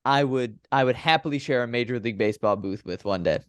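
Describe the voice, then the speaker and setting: A young man, a baseball broadcaster, telling stories in a casual podcast interview and breaking into big, animated play calls. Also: fast talker, no room sound, clean studio sound. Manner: animated, acts out his home run calls with big pitch jumps.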